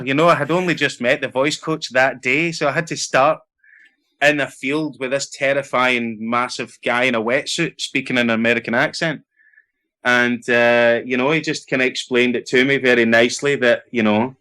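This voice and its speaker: Bright-voiced Scottish man telling stories. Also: mid-range voice, brisk. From Scotland. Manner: animated anecdotes with laughter and acted-out quotes. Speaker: actor guest. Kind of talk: casual interview storytelling.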